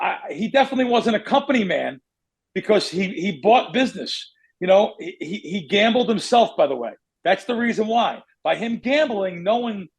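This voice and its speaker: Gravelly high-voiced man rambling on a podcast. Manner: rambling storyteller who curses and goes off on tangents. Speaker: podcast host, sports bettor. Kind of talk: casual podcast chat.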